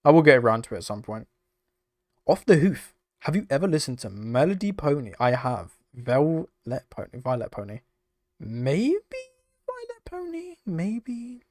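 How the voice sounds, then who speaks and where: Young British streamer, dry close mic. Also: male voice, mid-range voice, no echo. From United Kingdom. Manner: chatty, swears casually, laughs often. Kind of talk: casual live-stream chat reading chat. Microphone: desk microphone.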